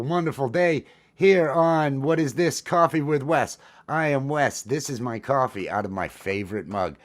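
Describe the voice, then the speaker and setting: A man hosting a casual comedic livestream, murmuring asides and then greeting viewers loudly and cheerfully. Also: mid-range voice. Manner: mumbled whispering asides before the show; loud upbeat show greeting. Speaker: livestream host.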